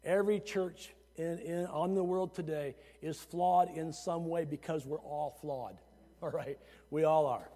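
A man preaching a sermon as pastor, animated and chatty with laughing asides, at times rising to shouts. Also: a little high, measured pace. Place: church sanctuary. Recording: long hall reverb.

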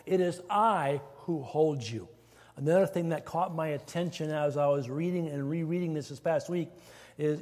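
A man's voice: on the high side, darkish tone, long reverb tail. A man preaching a sermon as pastor, talking in a conversational way with fillers and restarts.

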